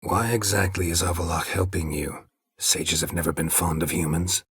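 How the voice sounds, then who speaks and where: An actor playing a gruff, laconic middle-aged monster hunter in a game, with a husky voice and clipped, dryly sarcastic questions. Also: male voice, fairly even intonation, normal speed, fairly bright tone, no room sound, full character voice. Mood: terse, dry. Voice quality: husky, gravelly low voice. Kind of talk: game voice acting. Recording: dry close studio recording.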